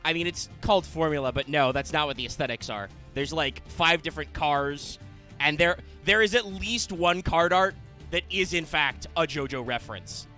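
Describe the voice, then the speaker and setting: A podcast host with a slightly high, bright, pushed voice jokes around on a laid-back gaming show, throwing fake insults at his co-hosts at a moderate pace. Music runs behind him as he keeps up the teasing chatter.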